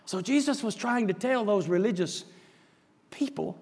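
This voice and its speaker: Gravelly, lively-voiced preacher man. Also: high voice, moderate pace, big-room sound. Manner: emphatic, swings from hushed asides to shouting. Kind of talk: sermon.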